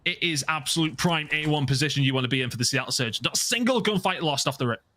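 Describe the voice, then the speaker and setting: A man giving fast play-by-play esports commentary, bursting into excited shouts at big plays. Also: fairly high pitch. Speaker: esports caster. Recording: loud game gunfire behind. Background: game gunfire and clicks.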